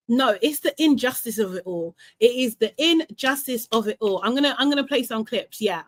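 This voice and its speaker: A young woman hosting a live recap stream, talking in an animated, ranting way with quick laughs and repeated words. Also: medium pitch. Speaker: host of a live reality TV recap show. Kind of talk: casual live-stream chat.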